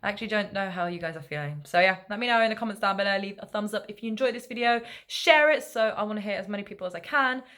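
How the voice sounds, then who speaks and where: A woman's voice: medium pitch, rapid-fire, few pauses, a bit bright. A young woman fan talking casually in a rambling, laid-back vlog, full of fillers and asides. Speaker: football fan vlogger.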